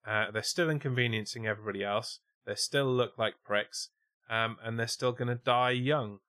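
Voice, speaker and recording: A man co-hosting a podcast, chatting casually with dry, deadpan swearing. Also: mid-range voice, normal speed. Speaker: podcast co-host. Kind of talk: casual chat, reading news aloud.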